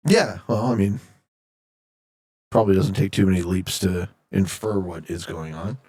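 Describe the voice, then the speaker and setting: A man's voice: low voice, normal speed, darkish tone, slightly rough. A man streaming a game, casually reading viewer chat aloud and joking as he answers, from Canada. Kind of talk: casual live-stream chat while gaming.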